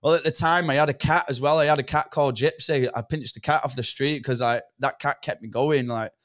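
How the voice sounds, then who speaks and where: A young podcast guest tells a rambling story from his past, swearing and saying "do you know what I mean" a lot. His mid-range voice is steady and fairly bright, a little fast. The studio-quality recording has no room sound.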